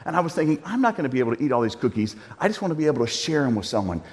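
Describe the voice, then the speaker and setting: A preacher voicing a kind old grandpa in a big hall. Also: male voice, mid-range voice, very animated, racing, close to an everyday voice. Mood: delighted. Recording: long hall reverb.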